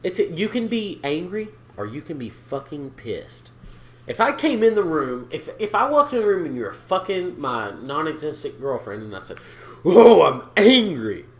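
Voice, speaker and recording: A man's voice: fairly high pitch, normal speed. A man co-hosting a podcast, chatting casually, swearing freely and acting out quoted people. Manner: animated, swears a lot, acts out quotes. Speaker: podcast co-host. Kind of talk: casual profane chat.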